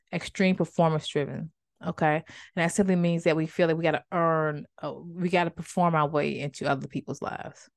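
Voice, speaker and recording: A woman's voice: lowish voice, dry recording. A woman hosting a podcast and teaching from the Bible in a casual, conversational way, often calling her listeners y'all and getting emotional. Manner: emotional, fighting back tears of joy. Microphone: microphone with a faulty cord.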